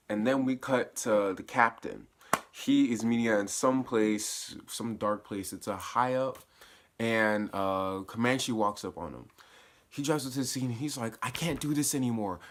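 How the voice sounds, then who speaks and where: A man with a sharp, bright voice talks through a TV episode in a loose, chatty recap. He drops slang and breaks into excited bursts as he retells the scenes. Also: mid-range voice. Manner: laughs and uses slang while recapping. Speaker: TV episode reviewer. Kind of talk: casual spoiler recap.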